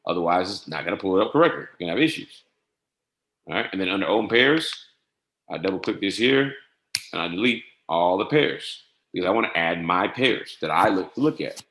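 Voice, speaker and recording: A man giving a casual screen-share tutorial on trading software, often saying "all right" and spelling codes out slowly. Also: low voice, lively intonation. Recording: echoey room.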